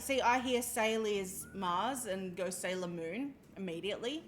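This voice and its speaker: A woman's voice: medium pitch, a little slow, few pauses. A woman chatting casually while streaming a game, laughing often and playfully snobby. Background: game music.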